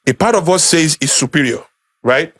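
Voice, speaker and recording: Nigerian man, Yoruba accent, slightly raised pitch, emphatic and conversational delivery to a room. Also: moderate pace, a bit bright. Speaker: speaker. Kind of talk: informal talk to a small group.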